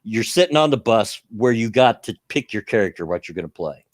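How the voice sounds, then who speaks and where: A man's voice: lowish voice, animated, a little fast, no echo, studio quality. A man with a Southern US accent hosting a casual chat stream, rambling about games and chuckling often.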